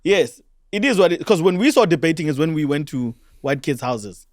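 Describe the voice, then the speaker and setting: A man co-hosting a podcast in casual chat, who keeps chiming in with quick, agreeable interjections. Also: on the high side, animated, a little mellow, dry recording, studio quality. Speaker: podcast co-host.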